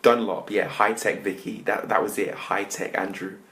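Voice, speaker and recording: A man's voice: lowish voice, moderate pace, background noise. Chatty man telling his story. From England. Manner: lively, chatty, speaks straight to listeners. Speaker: motivational speaker. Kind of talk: storytelling talk to an audience.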